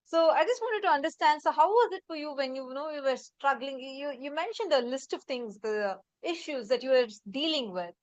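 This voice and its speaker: A woman's voice: sits high, expressive, brisk, few pauses, no echo. A woman interviewer who encourages her guest and asks follow-up questions. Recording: dull, muffled sound.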